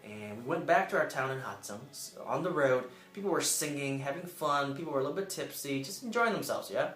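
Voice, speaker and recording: Speaking to camera in an echoey room with faint music behind him, a young former Peace Corps volunteer tells a personal story earnestly and with emotion. His voice is expressive, fairly bright and fairly quick, and he jumps up in pitch to act out the people he quotes.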